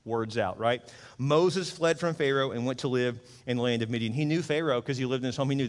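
A man's voice: mid-range voice, fast, in a large hall. A middle-aged man preaching a conversational sermon as pastor, acting out the voices he quotes.

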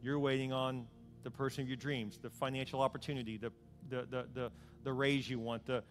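A man's voice: mid-range voice, level tone, a little fast, soft background music. A male pastor preaching a sermon, urgent and pleading as he makes an altar call.

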